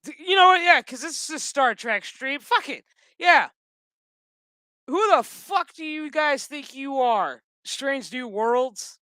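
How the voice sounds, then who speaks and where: A man streaming a TV review as a furious, foul-mouthed rant with loud outbursts. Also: very high voice, lively intonation, takes it slowly, no echo, studio quality. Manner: heated, swearing constantly, loud outbursts. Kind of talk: profane angry rant.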